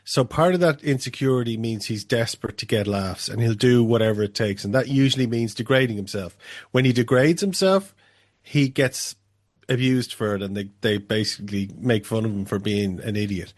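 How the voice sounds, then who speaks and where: A man's voice: lowish voice, normal speed, dry recording, clean studio sound. A man co-hosting a podcast, chatting bluntly and swearing freely. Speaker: podcast co-host. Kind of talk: casual podcast chat.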